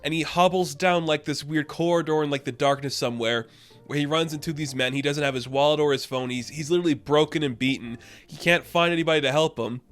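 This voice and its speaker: A man giving a casual, rambling recap and review of a TV episode, with lots of fillers and excited asides. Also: on the high side, fast talker, soft background music.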